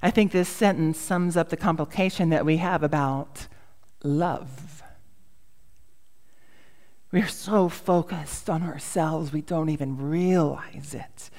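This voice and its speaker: A woman's voice: deep voice, takes it slowly, darkish tone, long reverb tail. Woman pastor preaching with playful humor. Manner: storytelling, self-mocking humor, acts out quoted voices. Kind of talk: sermon.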